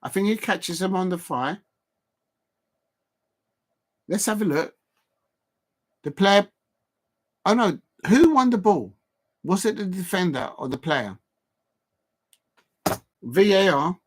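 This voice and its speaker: A middle-aged man, chatting excitedly over a live football match on his stream and reading out comments from the chat. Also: high voice, measured pace, pauses often. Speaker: football watch-along streamer. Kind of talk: live watch-along commentary.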